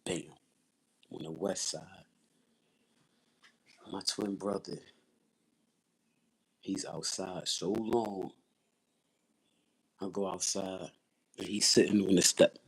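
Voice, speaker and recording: Husky low-voiced man, intense. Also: steady tone, takes it slowly, long pauses. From Philadelphia, USA. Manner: intense, repetitive, blunt and profane. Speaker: livestream host. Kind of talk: raw personal testimony on a livestream.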